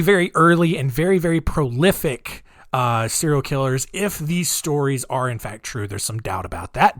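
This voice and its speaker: A man's voice: a little high, no echo. Chatty man hosting a podcast, dry sound. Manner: rambling and chatty, with many fillers and restarts. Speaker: podcast host. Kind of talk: casual solo podcast monologue.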